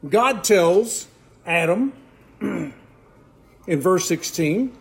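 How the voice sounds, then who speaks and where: A man's voice: high voice, lively intonation, measured pace. A man preaching a sermon, often repeating his words and asking the congregation questions. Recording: echoey room, faint background noise.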